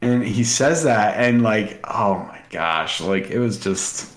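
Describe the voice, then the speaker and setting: A man's voice: lowish voice, expressive, takes it slowly, roomy sound, a little hiss or hum. A man co-hosting a podcast, chatting casually and emotionally with many fillers. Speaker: podcast co-host. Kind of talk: casual chat.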